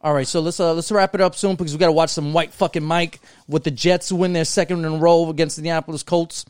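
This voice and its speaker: A man's voice: on the high side, fairly even intonation, fast talker, smooth, dry recording, studio quality. A man co-hosting a podcast, chatting casually in a rambling way, swearing freely and trailing off mid-thought. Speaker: podcast co-host.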